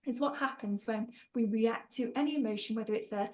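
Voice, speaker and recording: A woman's voice: a little high, a little fast, rough recording. A woman leading an online training webinar, upbeat and jokey, reading out participants' answers and praising them. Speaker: workshop trainer.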